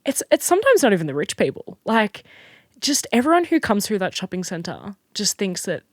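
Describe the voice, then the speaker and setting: A young Australian woman in casual chat as a podcast guest, telling stories in an animated way with plenty of fillers and restarts. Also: medium pitch, brisk, no echo, clean studio sound. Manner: chatty, animated storyteller with frequent fillers and restarts.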